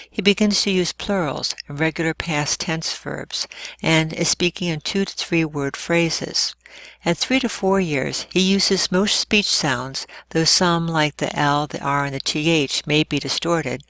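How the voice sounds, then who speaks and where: Woman, teacher; recorded slide lecture, measured delivery, dry close sound. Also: low voice, fairly bright tone, no room sound. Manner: measured, explanatory reading.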